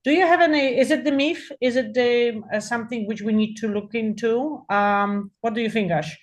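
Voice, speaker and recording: A woman's voice: on the high side, normal speed. A woman moderating a parent webinar over a video call, politely passing on questions with hesitant fillers. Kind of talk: hosting a parent Q&A.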